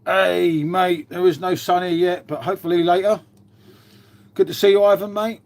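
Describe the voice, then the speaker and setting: A man's voice: high-pitched, steady tone, normal speed. A British man hosting a casual livestream, chatting and swearing freely while greeting and answering viewers. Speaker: livestream host. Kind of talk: casual live-stream chat.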